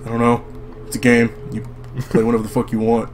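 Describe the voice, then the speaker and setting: A young man joking loudly and swearing while playing a video game with a friend, reading the lines in goofy voices. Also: medium pitch, completely flat delivery, quick pace, a little hiss or hum. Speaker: gamer co-host. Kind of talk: casual let's-play banter.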